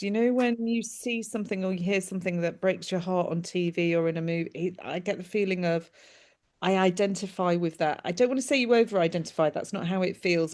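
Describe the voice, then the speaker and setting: A woman working as a medium, giving a lively reading over a video call, laughing often and calling people "my darling". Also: on the low side. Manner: animated, laughs often, relays spirit messages with warm endearments.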